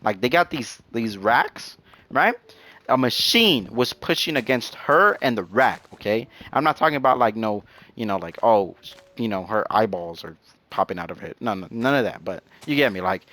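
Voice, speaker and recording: A man's voice: fairly low pitch, moderate pace. A young man chatting casually and rambling in slang while he plays a video game. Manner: rambling, slangy, animated storytelling. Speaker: gaming channel host. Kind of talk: casual chat while gaming.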